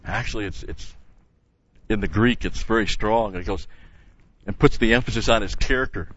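A man's voice: on the low side, normal speed, fairly bright tone, lo-fi sound. An older man teaching a Bible passage verse by verse in a conversational way, stopping to correct himself and leaning hard on key words.

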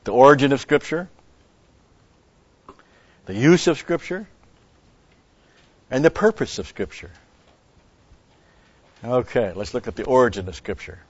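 A man's voice: mid-range voice, unhurried, pauses often, slightly rough, no echo. A man giving a rambling Bible teaching, stressing key words and restarting his sentences. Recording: dull lo-fi recording.

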